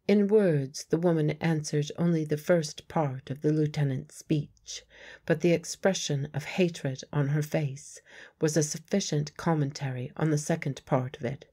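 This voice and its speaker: A woman audiobook narrator reading a story in a measured way. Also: low voice, steady tone, mellow, slightly rough. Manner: measured storytelling, voicing several characters. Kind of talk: scripted narration.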